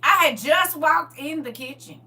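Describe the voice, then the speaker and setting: A middle-aged woman hosting a livestream, telling family stories in a lively, laughing, colloquial way. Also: high-pitched, unhurried. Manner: animated, laughing, colloquial storyteller who talks straight to viewers. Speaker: livestream host. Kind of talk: casual storytelling chat. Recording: distant mic with faint hum.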